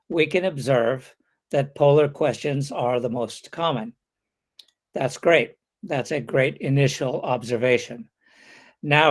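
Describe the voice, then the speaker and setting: A man giving an online lecture as a webinar lecturer. He explains points step by step and reads example questions aloud with contrasting intonation. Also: mid-range voice.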